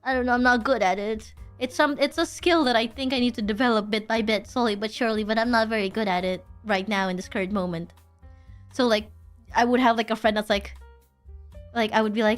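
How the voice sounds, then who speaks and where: A woman's voice: fairly high pitch, steady tone, quick pace, soft background music. A young woman streaming, chatting casually and rambling, with lots of restarts and self-deprecating asides. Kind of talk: casual livestream chat.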